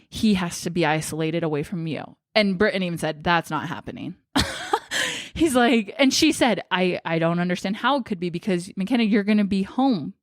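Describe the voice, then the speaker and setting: A young woman talks straight to her viewers in a casual, emotional storytelling style, acting out the lines of the people in her story. Her voice sits a little low for a woman. The sound is close and dry, with no room echo. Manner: emotional, chatty, acts out quoted dialogue. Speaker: vlogger.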